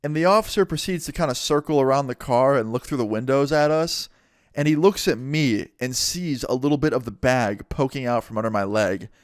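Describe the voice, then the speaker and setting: A laid-back young man in his twenties tells a story in loose, slangy talk and swears freely. His voice sits in a middle pitch, and the recording is dry and close. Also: a little fast, no room sound. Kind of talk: casual storytime.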